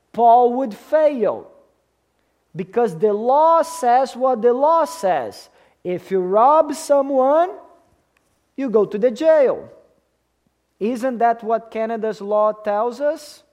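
Male pastor, sermon, high voice, slow deliberate delivery, emphatic, asks the room questions. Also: a little mellow.

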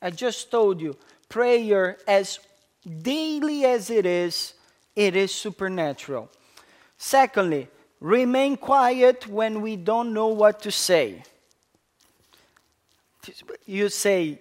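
A pastor preaching a sermon, a man with a high voice. He speaks slowly and with emphasis, puts questions to the congregation and answers them, and drops to a soft hush on key words. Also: sing-song. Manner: call-and-response questions to the congregation, slow and emphatic.

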